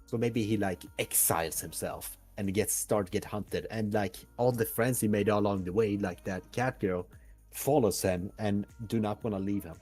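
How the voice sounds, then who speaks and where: A man's voice: fairly low pitch, normal speed, darkish tone, breathy edge, faint music behind. A man, co-hosting a casual podcast and loosely brainstorming a story idea. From Sweden. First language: Swedish. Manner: rambling, loose and full of fillers. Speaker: podcast co-host.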